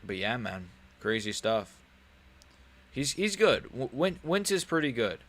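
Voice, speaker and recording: A man hosting a casual live stream of fight reactions. He rambles and jokes in loose slang, at a medium pitch that sits right in the middle of a man's range. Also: very animated, measured pace, fairly bright tone.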